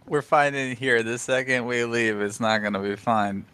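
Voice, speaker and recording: A man playing a tabletop role-play game, narrating his character in an animated, joking way. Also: mid-range voice, moderate pace, clean tone. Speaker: player.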